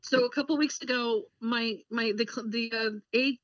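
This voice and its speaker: A woman guest with a Long Island accent, chatting in a lively way, laughing often and acting out what people said. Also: on the high side, normal speed, no room sound, recorded from a distance, lo-fi sound. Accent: New York. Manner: lively storyteller, laughs often, acts out quotes. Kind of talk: casual chat.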